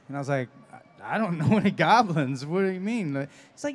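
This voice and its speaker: Speaking a little fast with lively intonation, this voice actor has a slightly high-pitched voice. He answers audience questions at a convention panel, telling stories in a chatty way and laughing often on stage.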